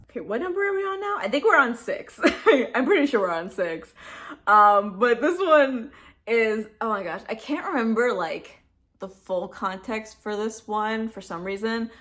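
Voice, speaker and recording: A woman's voice: a little high, expressive, normal speed, fairly bright tone. A young woman vlogging about a movie in a casual chat, gushing and giggling with lots of fillers.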